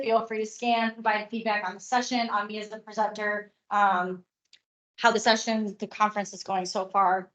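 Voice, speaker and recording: Hoarse woman giving a conference talk. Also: fairly high pitch, a bit bright. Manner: chatty, explaining, joking asides. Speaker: presenter. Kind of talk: conference presentation. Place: conference room.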